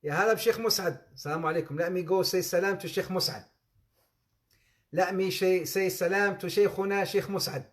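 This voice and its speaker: In a high-pitched voice and at a fairly quick pace, an Islamic teacher leads an interactive religious lesson. Students get called on by name, key phrases are repeated for emphasis, and he laughs often amid playful jokes.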